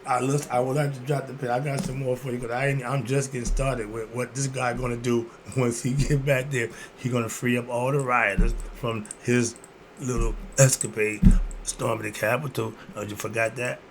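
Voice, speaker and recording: Man, gravelly voice, ranting commentary, preachy, emphatic, rhetorical questions, faint background noise. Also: medium pitch, little pitch movement, moderate pace.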